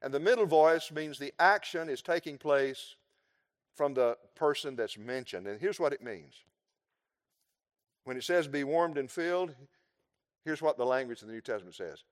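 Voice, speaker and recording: A man preaching a sermon, explaining scripture verse by verse with emphatic, drawn-out phrases. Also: medium pitch, lively intonation, big-room sound.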